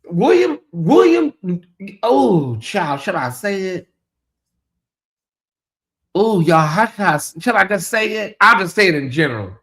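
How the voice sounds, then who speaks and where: A man's voice: high-pitched, lively intonation, measured pace, pauses often, bright, forceful tone. A man giving casual livestream commentary, dramatic and teasing, talking straight to his chat.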